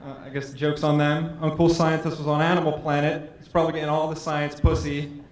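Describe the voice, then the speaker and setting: A man's voice: a little high, little pitch movement, brisk. Dry male stand-up, distant and echoey. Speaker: stand-up comedian. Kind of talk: stand-up comedy set. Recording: echoey hall from far off.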